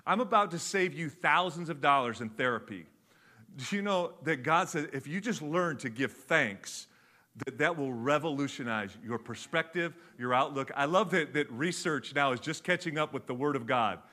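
A middle-aged man preaching a sermon, telling stories with lively acted-out voices that swing from loud to hushed. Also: fairly high pitch, normal speed. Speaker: pastor.

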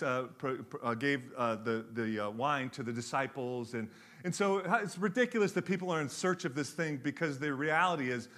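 A middle-aged man, preaching a sermon with animated, joking storytelling. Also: on the high side. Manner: animated storytelling with jokes, varied pace. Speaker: pastor.

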